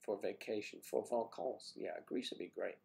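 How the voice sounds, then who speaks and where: An older man hosting a casual livestream, chatting warmly with viewers by name and rambling through stories. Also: on the low side, normal speed, creaky. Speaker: livestream host reading viewer comments. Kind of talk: casual chat.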